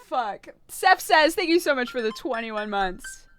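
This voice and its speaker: Lively high-voiced woman streamer. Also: moderate pace, soft background music. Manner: animated, laughs often, swears freely. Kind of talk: casual live-stream chat while gaming.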